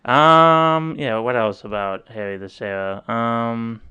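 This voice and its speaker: A man in easygoing podcast chat, his voice bright and clear with a smooth, ringing edge. He rambles as he talks, strings thoughts together with loose fillers, and circles back on himself. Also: mid-range voice, steady tone, takes it slowly. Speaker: podcast co-host. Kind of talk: casual chat.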